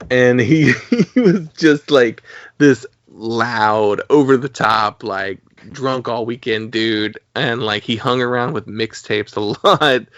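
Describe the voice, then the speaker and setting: A man's voice: medium pitch, fairly bright tone, no room sound. A man co-hosting a podcast, talking casually about albums in a rambling way with lots of fillers. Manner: rambling, with many fillers and laughs. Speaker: podcast co-host. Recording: dull, slightly lo-fi dry recording.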